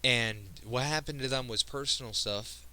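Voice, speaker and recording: This teenage video creator speaks in a medium, bright, forceful voice over a rough recording. His personal vlog monologue is emotional and earnest, broken by frequent halts, restarts, and stumbles.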